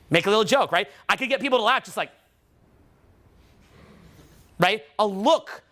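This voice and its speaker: A male vocal coach leads a live workshop for a room of students. His voice sits high for a man and comes across bright and forceful. He keeps his delivery animated and breaks into loud demonstration voices as he explains. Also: normal speed, long pauses.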